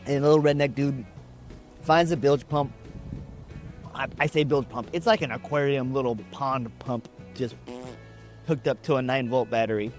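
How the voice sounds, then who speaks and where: A man's voice: medium pitch, steady tone, moderate pace, long pauses, soft background music. A man from Texas telling a story casually, with wry, profane, laid-back humor.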